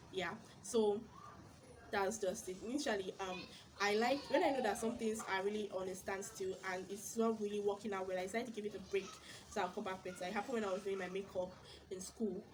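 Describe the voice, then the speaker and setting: A young woman with a Nigerian accent telling her business stories in a casual vlog, animated, exclaiming and repeating words for emphasis. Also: mid-range voice, noisy background. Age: young adult. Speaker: vlogger.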